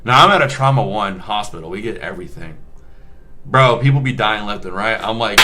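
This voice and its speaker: A man telling a story from his shifts as a nurse, loose and casual, swearing freely and joking as he goes. His voice is forceful and bright, sitting a little low in pitch, with faint ambience behind him. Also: fairly quick, slight background noise. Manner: animated, profane, joking.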